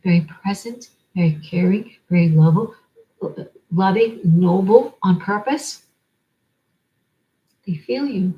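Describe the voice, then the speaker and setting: A woman's voice: mid-range voice, a little slow, pauses often, dull audio. A woman giving an oracle card reading in a rambling way, stringing words together in long lists. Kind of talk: spiritual card-reading monologue.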